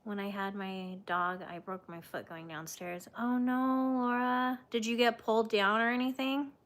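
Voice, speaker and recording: A woman's voice: on the high side, steady tone, normal speed, a bit bright. A woman hosting a crochet livestream, chatting casually with viewers and laughing often as she tells stories on herself. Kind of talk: casual chat reading live comments.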